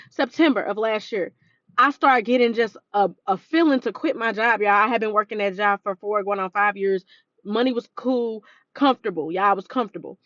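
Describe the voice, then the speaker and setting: A podcast host in her early thirties, with a fairly bright mid-range voice, gives an emotional personal testimony close to tears, speaking straight to her viewers. The recording has no room sound and its highs are cut off.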